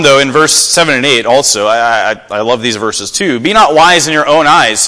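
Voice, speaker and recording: A man preaching a sermon to a congregation, telling stories in an animated way. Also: moderate pace, big-room sound. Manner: animated storytelling, rising pitch in acted quotes. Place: church.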